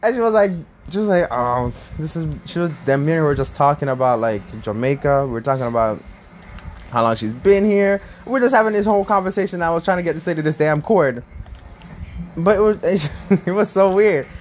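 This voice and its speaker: A young man casually telling a story to his viewers, animated, laughing often and restarting his sentences. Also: fairly high pitch, fairly quick, a little hiss or hum. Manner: animated, laughing, self-correcting. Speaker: vlogger.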